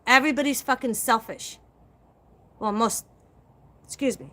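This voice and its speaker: A middle-aged woman with a high, bright, forceful voice rants to her viewers on a live stream. She is blunt and profane and leans hard on her emphasis as she talks straight at them. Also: animated, moderate pace, long pauses. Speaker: psychic livestream host.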